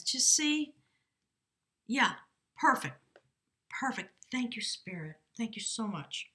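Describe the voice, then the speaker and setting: Middle-aged lady doing a casual tarot reading, clear bright voice, upbeat and chatty. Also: on the high side, sing-song, takes it slowly, long pauses. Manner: enthusiastic, chatty, reads aloud from a rune book. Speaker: tarot reader.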